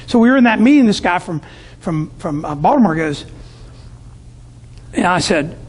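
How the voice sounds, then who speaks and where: A man's voice: high voice, animated, moderate pace, long pauses, breathy edge. A middle-aged man from Tampa, Florida, speaking to business owners in a storytelling sales talk and acting out his customers' voices. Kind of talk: sales talk to a live audience.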